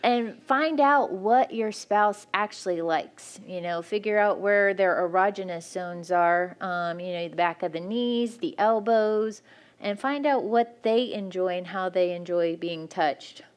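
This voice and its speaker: A woman's voice: mid-range voice, measured pace, clear, resonant tone. A woman speaking frankly and practically at a church marriage workshop, teaching couples.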